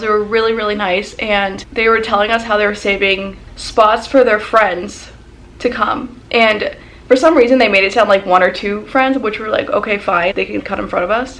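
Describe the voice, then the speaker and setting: A young woman vlogger telling a casual storytime as an excited fangirl, full of "like" and quoted dialogue. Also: mid-range voice, slight background noise. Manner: excited fangirl gushing, lots of "like".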